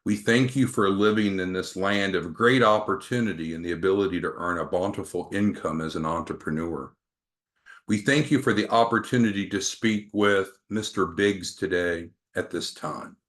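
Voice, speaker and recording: A man voicing a kindly older gentleman who prays slowly and reverently, with a gravelly voice. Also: low-pitched, voice pushed down. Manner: slow, reverent praying. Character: kindly older gentleman praying before a sales call.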